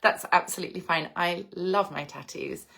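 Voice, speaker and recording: A woman's voice: on the low side, normal speed, gravelly, sharp tone. A woman in her late thirties from England, chatting reflectively on a live stream and answering viewers' comments. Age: 30s. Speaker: vlogger reading live chat. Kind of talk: casual live-stream chat. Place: home in the English countryside.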